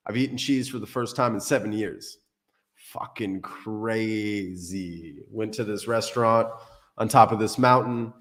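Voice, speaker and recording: A man hosting a casual livestream, rambling and joking between tech tips, swearing casually. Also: mid-range voice. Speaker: crypto livestream host. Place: Portugal.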